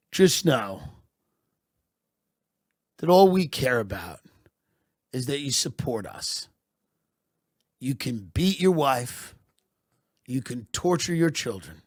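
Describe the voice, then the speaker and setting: A man doing a satirical comedy monologue, slow and deliberate, his voice sitting a little high for a man. He moves from a deadpan, mock-patriotic tone into loud, swelling bursts. The sound is dry and close. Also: no echo.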